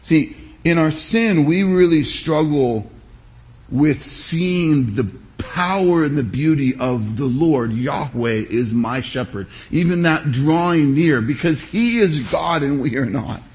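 A pastor giving a sermon, preaching in a measured, emphatic way with deliberate pauses. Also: male voice, fairly high pitch, lively intonation, a little mellow.

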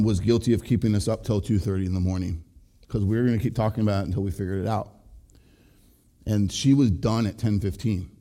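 A middle-aged pastor with a medium-pitched, mellow voice delivers a sermon on marriage. His tone is conversational and earnest, and he speaks directly to his listeners.

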